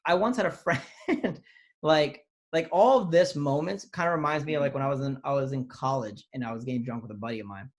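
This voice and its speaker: A man's voice: medium pitch, brisk. A man co-hosting a podcast, talking casually, rambling and swearing freely. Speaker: podcast co-host. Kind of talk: casual comedic chat.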